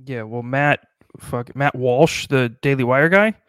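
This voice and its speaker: A man chats loosely on a comedy podcast, riffing and swearing as he goes. His voice sits at an ordinary middle pitch. The sound is dry and close, with no room around it. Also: fairly bright tone, clear, resonant tone, dry recording. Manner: riffing, profane, does quick mock voices. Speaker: podcast co-host. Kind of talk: casual comedic chat.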